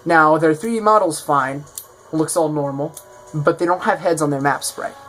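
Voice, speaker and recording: A man's voice: on the high side, moderate pace, a bit bright, soft background music. A man casually presenting his own game mod in a showcase, rambling and correcting himself as he goes. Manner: rambling, self-correcting, offhand.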